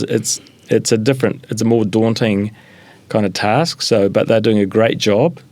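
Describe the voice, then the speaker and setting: A man's voice: on the low side, darkish tone, dry recording. A middle-aged man from New Zealand, a business founder talking casually in an interview, telling stories with many fillers and restarts. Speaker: guest, sushi business founder.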